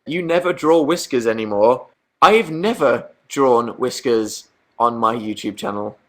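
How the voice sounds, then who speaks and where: A man's voice: mid-range voice, unhurried, a bit bright. A young man, chatting casually on a livestream as he answers viewer questions, hesitant and self-deprecating.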